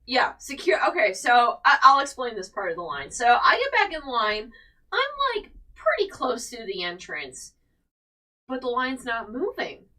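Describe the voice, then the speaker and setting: A woman co-hosting a casual chat, telling stories in an animated way and swearing freely. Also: fairly high pitch, measured pace, distant mic, low-quality recording. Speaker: co-host.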